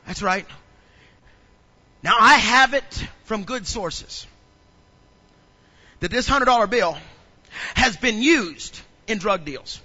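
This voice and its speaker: Very high, bright-voiced preaching man. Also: animated, slow, pauses often. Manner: humorous storytelling, acts out little scenes; builds to loud preaching. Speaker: pastor. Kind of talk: sermon.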